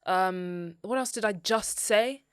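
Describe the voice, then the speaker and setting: A woman's voice: mid-range voice, takes it slowly, a bit bright, smooth, dry recording. Chatty woman, dry sound. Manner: chatty, rambling, with many fillers and restarts. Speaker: podcast co-host. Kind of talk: casual chat.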